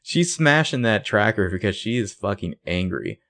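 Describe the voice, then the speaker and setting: A man with a fairly low voice talks casually about a show, quick and sarcastic. He slips into the characters' lines as he goes. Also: big pitch swings, fairly bright tone. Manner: chatty, sarcastic, acts out quoted lines. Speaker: podcast co-host recapping a TV episode. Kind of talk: casual chat.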